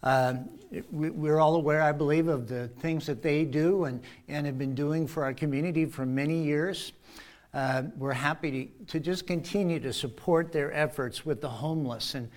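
Conversational male pastor addressing his church. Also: on the high side. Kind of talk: church announcements.

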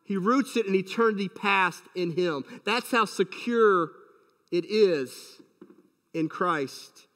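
High-voiced preaching man in a reverberant hall. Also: slow pace, fairly bright tone. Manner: emphatic, many rhetorical questions. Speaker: pastor. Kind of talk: sermon.

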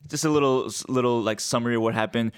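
A man's voice: mid-range voice, fast talker, smooth, no room sound. Chatty man hosting a podcast, dry sound. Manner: animated storyteller, many fillers, laughs easily. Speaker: podcast co-host. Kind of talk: casual chat.

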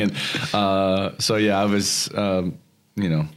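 A young man with a very low, deep voice chats in a relaxed interview, full of "you know" fillers and restarts. He grew up near Houston but speaks without a regional twang, and he laughs easily as he talks. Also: slow pace, a little hiss or hum. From Texas, near Houston. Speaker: guest. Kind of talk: casual conversational interview.

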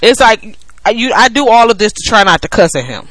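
A woman co-host talking casually and earnestly, working through her points with fillers. Her tone is bright and forward, and the recording is dry and close. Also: on the high side, big pitch swings, fairly quick, dry recording, poor audio. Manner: earnest, explains at length with fillers. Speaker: podcast co-host. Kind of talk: casual chat.

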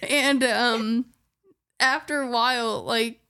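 A young woman with a high, bright-sounding voice tells a story in relaxed chat. She keeps dissolving into giggles and laughter between phrases as she goes. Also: slow, clear, resonant tone. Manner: giggly, often breaking into laughter mid-sentence.

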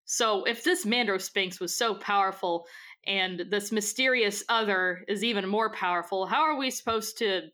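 A woman in a tabletop game session. Her voice is bright and forceful. She jumps in with eager, feisty questions. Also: mid-range voice, moderate pace. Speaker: player. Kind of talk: tabletop role-play chat.

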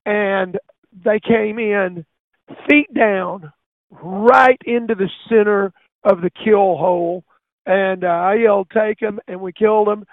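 A high-pitched man hosting a casual talk show spins an animated hunting story. His voice comes through a tinny phone line, with no room echo at all. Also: slow pace. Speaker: radio show host.

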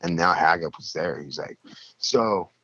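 A young man telling a story in casual, profane talk, acting out the people in it with louder, higher voices. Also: a little slow, highs cut off.

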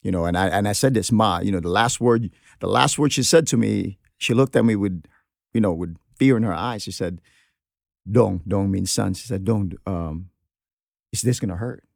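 A man's voice: lowish voice, moderate pace, creaky, dry recording, studio quality. A man in an earnest, heartfelt podcast conversation, telling a personal story with many restarts. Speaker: guest sharing a personal story.

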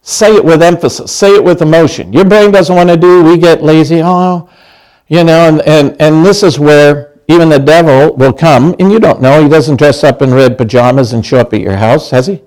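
A middle-aged man preaches in a loose, chatty way, often stopping to ask his listeners a question. His voice sits a little higher than most men's. He restarts phrases often, as if talking with friends. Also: brisk, hardly any pauses, darkish tone, poor audio. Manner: chatty, asks the congregation questions, many restarts. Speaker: pastor. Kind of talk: conversational sermon.

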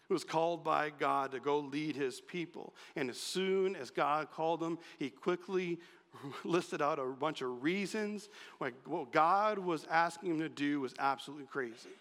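A man preaching a sermon, animated and acting out quotes in changing voices. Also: on the high side, a little slow. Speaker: pastor. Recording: long reverb of a large hall.

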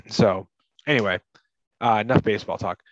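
Man from Massachusetts, podcast co-host, low-ish voice, chatty and filler-heavy, slightly muffled dry recording. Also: normal speed. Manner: rambling, lots of fillers like "like" and "you know". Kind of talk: casual movie podcast chat.

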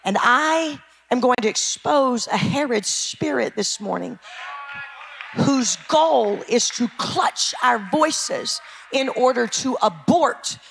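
A woman pastor preaching to her church. Her voice sits high and sounds bright and forceful. She shouts and keeps calling out to her congregation. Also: expressive, takes it slowly, gravelly, a little hiss or hum. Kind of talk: sermon. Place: church sanctuary.

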